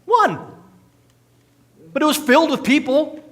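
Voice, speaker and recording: A man's voice: very high voice, very animated, a little slow, fairly bright tone. A male pastor, preaching a conversational sermon with jokes and acted-out quotes in a church. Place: church sanctuary.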